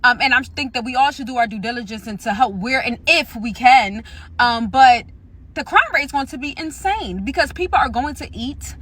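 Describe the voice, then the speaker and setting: Woman with a bit husky, higher voice, talking worried and serious. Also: animated, normal speed, fairly bright tone. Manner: worried, earnest. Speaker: social media commentator. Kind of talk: earnest commentary.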